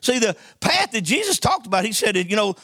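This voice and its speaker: A man's voice: high-pitched, big pitch swings, brisk, pushed and bright, dry recording, clean studio sound. A man preaching a sermon, telling folksy stories and calling for amens from the congregation. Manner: call-and-response preaching, folksy storytelling.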